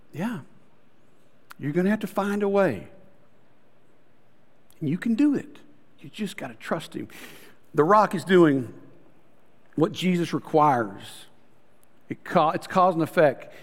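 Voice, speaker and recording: A man preaches a sermon in a storytelling way, calling his listeners "guys" and dropping into soft, close tones. His voice sits fairly high for a man. A long hall reverb trails behind every phrase. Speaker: pastor.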